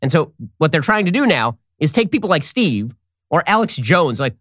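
A man hosting a political commentary show, delivering a sarcastic, animated monologue into a studio mic. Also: fairly high pitch, brisk, slightly rough, no room sound. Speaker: host.

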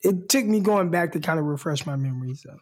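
A Californian former football player co-hosts a sports podcast, chatting easygoingly and repeating words. His fairly high voice is animated, and he talks fast.

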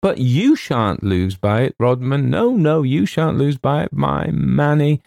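A man voicing a gruff middle-aged Scottish literary agent with a quavering voice, blunt and then tearfully wistful. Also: medium pitch, animated, measured pace, darkish tone, no room sound, voice pushed up. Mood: tearful, tender.

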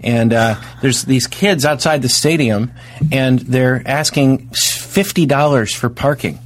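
A man in an easygoing comedic chat, mid-pitched and unhurried. He rambles through exaggerated stories with a deadpan delivery, piling detail on detail.

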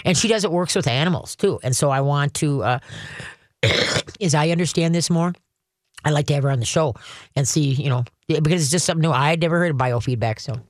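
A woman's voice: low voice, brisk, no echo, studio quality. An older woman hosting a call-in radio advice show, chatty and folksy, often acting out the commands she gives.

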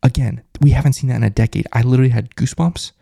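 Pumped-up guy reading his live chat, dark gravelly voice, dry sound. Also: mid-range voice, very fast, no room sound. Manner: excited, reads viewer comments aloud. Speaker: host of a fan postgame show.

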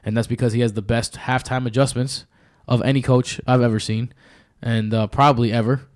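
A man's voice: medium pitch, little pitch movement, fairly quick. A man co-hosting a sports podcast, giving a confident, emphatic breakdown of a football game. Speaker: podcast co-host. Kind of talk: sports analysis monologue.

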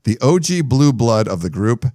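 A man's voice: mid-range voice, sing-song, moderate pace, dark tone, no echo, studio quality. A man co-hosting a casual sports podcast, reading out jokey comparisons with fillers along the way. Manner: reads jokey comparisons aloud with fillers and laughs. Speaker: podcast co-host.

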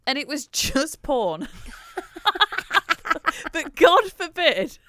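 A woman's voice: high voice, sing-song, very slow, a bit bright, no echo. A young woman co-hosting a podcast in casual chat, laughing often. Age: young adult. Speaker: podcast co-host.

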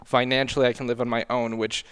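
A man telling a painful personal story on a podcast, halting and earnest, often apologizing. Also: mid-range voice, flat delivery, a bit bright, clear, resonant tone. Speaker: podcast regular.

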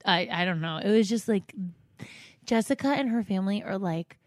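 A woman with a New Jersey accent chatting on a podcast, talking in a lively, emotional way and swearing freely. Her voice sits mid-range and is recorded close and dry, with no room around it. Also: mid-range voice, moderate pace, dry recording. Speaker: podcast co-host. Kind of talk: casual podcast chat.

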